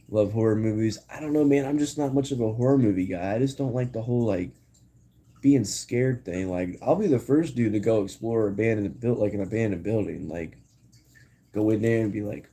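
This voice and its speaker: Rambling slangy young man, low and dark. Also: moderate pace. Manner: rambling, slangy, full of "like" and "dude". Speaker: live-stream host. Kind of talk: casual chat with viewers.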